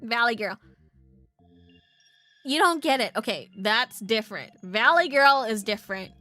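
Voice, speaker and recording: Casting: giggly, chatty woman streamer, high and bright, casual. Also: lively intonation, unhurried. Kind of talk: casual gameplay chat. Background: faint game music.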